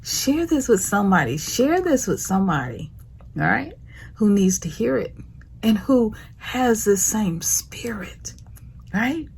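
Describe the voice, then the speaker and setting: A woman hosting her own show, giving a slow, affectionate prophetic message that often sinks into a whisper. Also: mid-range voice, very animated, a little mellow. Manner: slow, breathy, drifts into whispers; affectionate, calls listeners honey and baby. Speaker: host. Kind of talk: prophetic motivational monologue.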